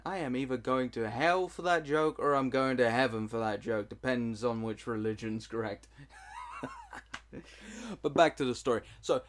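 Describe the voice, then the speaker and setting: A young man telling a childhood story to camera in a casual vlog, joking at his own expense and swearing freely. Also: medium pitch. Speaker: storytelling vlogger.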